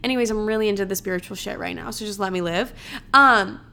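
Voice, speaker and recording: Her medium-pitched voice is fast, gravelly, pushed, and bright, yet smooth, as this young woman hosts a podcast alone. The talk is casual and dramatic, full of swearing and fillers like "like."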